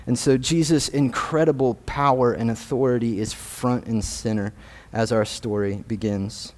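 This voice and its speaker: Male guest preacher, unhurried delivery, mellow voice, earnest scripture reading. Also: medium pitch. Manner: earnest, measured, reads scripture aloud. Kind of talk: sermon. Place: church sanctuary.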